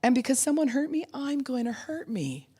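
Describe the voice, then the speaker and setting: A middle-aged woman pastor giving a sermon in a conversational, animated way, acting out quotes and laughing often. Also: high-pitched, moderate pace, slightly rough.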